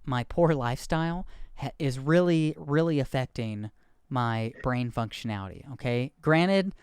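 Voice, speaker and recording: A man's voice: mid-range voice, expressive, a little slow, darkish tone, smooth, dry recording. A man in his thirties hosting a podcast, rambling candidly and poking fun at himself in casual chat. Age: 30s. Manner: rambling, candid, self-deprecating. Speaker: podcast host.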